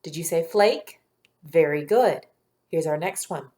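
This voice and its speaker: A woman teaching a phonics lesson to young children in a patient, clear teacher voice, sounding out letters one by one. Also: sits low, animated, measured pace, dark tone.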